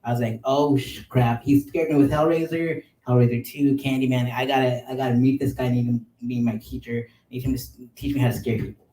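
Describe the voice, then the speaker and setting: A man in his thirties casually telling a long personal story on a podcast, animated and full of likes and ums. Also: mid-range voice, fast. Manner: animated, filler-heavy with many likes and ums. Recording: roomy sound, mic at a distance.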